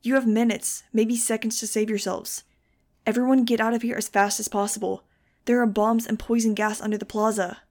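A woman voicing a desperate teenage bird-girl who yells frantic warnings to a crowd, read in a storybook reading. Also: a little high, level tone, fairly quick, close to an everyday voice. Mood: urgent. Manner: frantic yelling.

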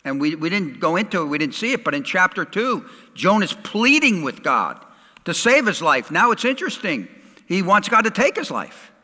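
A middle-aged male pastor preaching a sermon, swinging dramatically from loud to hushed. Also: sits high, very animated, moderate pace, long reverb tail.

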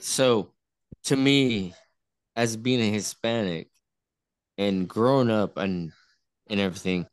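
A man with a low voice talks slowly in a casual podcast chat. He halts and restarts as he hunts for his words. The sound is dry and close, with no room in it. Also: no room sound. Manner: halting, restarts often while searching for words.

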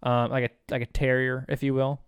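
A young man from Tennessee, a podcast co-host, telling a story in casual, animated, swearing chat. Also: mid-range voice, fairly quick, smooth, no echo, studio quality.

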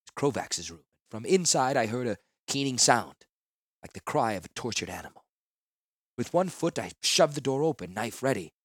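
A man narrating a first-person fantasy novel in a measured, earnest way. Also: medium pitch, big pitch swings, slightly rough, no echo, studio quality. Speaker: audiobook narrator.

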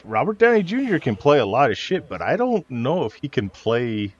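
A man's voice: mid-range voice, sing-song, normal speed, lo-fi sound. A man co-hosting a casual podcast, making wry joking asides and bringing up the news topics.

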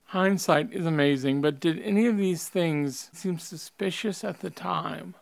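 Probing documentary interviewer, mid-pitched and gravelly. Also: unhurried.

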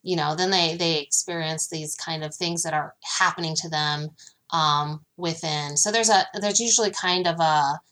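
A woman author, a guest on a podcast, telling stories in an animated way with many ums. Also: deep voice, moderate pace. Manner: speaks about her daughter. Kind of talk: casual podcast interview.

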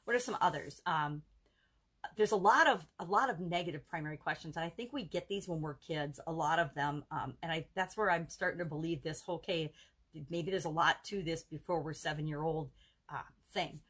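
A woman's voice: low-pitched, fairly quick, fairly bright tone, husky. A woman hosting a live coaching video, talking earnestly and casually and running through examples in rhythmic lists. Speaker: self-help challenge coach.

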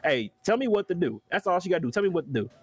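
A young man with a Southern US accent, joking crudely and excitedly in a casual reaction chat, saying "hey" over and over. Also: sits high, rapid-fire, husky, dry recording. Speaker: reaction panelist.

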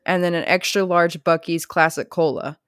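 A woman's voice: fairly low pitch, steady tone, normal speed, smooth, no room sound, studio quality. A young woman co-hosting a podcast, telling rambling, profane stories in casual chat full of "like.". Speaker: podcast co-host.

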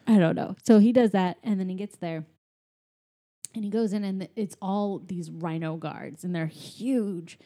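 A woman's voice: mid-range voice, measured pace, dark tone. A woman casually recapping a movie in chat, retelling scenes with playful character voices.

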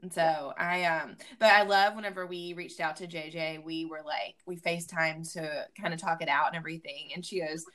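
A woman co-hosting a podcast in casual chat, talkative and quick to laugh. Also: deep voice, steady tone, a bit bright. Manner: chatty, laughs often, uses y'all. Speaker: podcast co-host.

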